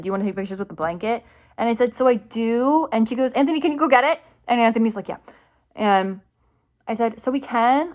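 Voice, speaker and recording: A young woman casually telling a story to her camera, excited and rambling, full of fillers and quick laughs. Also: medium pitch. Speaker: vlogger telling a fan story.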